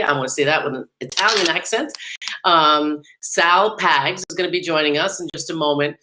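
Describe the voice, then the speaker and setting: Bright, low-voiced woman hosting a chatty show. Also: low-quality recording. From New York / New Jersey area. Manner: chatty, laughs often, many fillers. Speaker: podcast host. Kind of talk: casual livestream talk.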